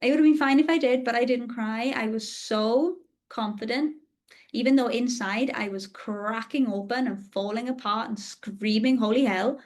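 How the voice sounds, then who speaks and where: A woman's voice: on the high side, normal speed, darkish tone. A woman in her thirties, a podcast host telling a personal story in a candid, confessional and emotionally open way.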